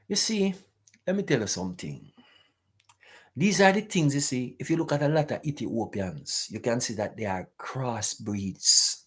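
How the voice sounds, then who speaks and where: Husky man preaching. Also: medium pitch, big pitch swings, a little slow. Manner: preachy, emphatic, repeats rhetorical questions. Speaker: host of a live talk stream. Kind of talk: live-stream talk, answering chat.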